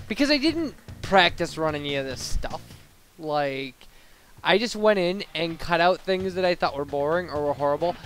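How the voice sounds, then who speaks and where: A man's voice: a little high, a bit bright. Rambling young man over game music. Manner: rambling, self-deprecating, many fillers. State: hiccuping. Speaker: let's play commentator. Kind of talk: casual game commentary. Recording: game music playing behind.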